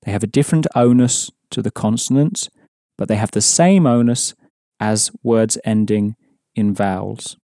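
Mellow-voiced male language teacher. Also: lowish voice, moderate pace, dry recording, clean studio sound. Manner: patient, explains rules then prompts. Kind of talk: audio language lesson.

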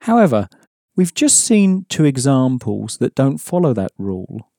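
A man teaching a language lesson in measured, scripted narration, explaining rules and repeating key points. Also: medium pitch, very animated, mellow, no room sound, clean studio sound.

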